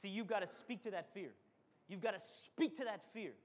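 High-voiced preacher delivering a fiery sermon. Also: male voice, normal speed. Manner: preaching with dramatic acted quotes and call-and-response. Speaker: pastor.

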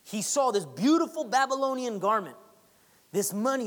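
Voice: medium pitch, very animated, moderate pace. A pastor preaching a sermon in a conversational way, hammering points through repetition and teasing the congregation. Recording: long reverb of a large hall.

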